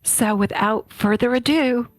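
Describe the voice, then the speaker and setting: Slow-talking woman podcast host. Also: fairly high pitch, rough recording. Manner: slow, warm and enthusiastic. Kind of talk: interview hosting, scripted intro.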